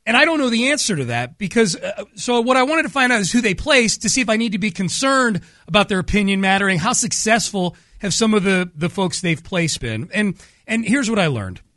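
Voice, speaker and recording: A man's voice: sits high, sing-song, fairly quick, sharp tone, no room sound, studio quality. A man co-hosting a sports talk show, chatty and joking. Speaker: sports radio co-host.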